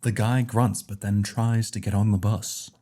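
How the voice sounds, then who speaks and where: A man's voice: fairly low pitch, level tone, a little slow, dark tone. Chatty man hosting a comedy podcast. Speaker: podcast host. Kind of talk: casual comedy podcast, reading a story aloud.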